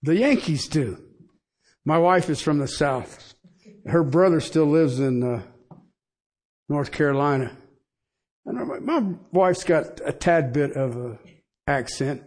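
A man's voice: fairly high pitch, lively intonation, takes it slowly, long pauses, a little mellow. A middle-aged man preaching a sermon in a conversational way, with asides and rhetorical questions to the congregation. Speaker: pastor.

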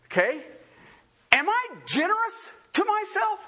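A male pastor delivers a sermon and keeps turning to his listeners with questions. His voice sits high and bright, with a wide, swooping pitch. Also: unhurried. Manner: animated, asks the congregation many questions.

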